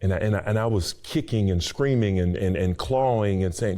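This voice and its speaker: Speaking at normal speed with hardly any pauses, a middle-aged man with a lowish, mellow voice gives his testimony as an interview guest. He works at a university, and his earnest, preacher-like telling grows more repetitive as his emotion rises.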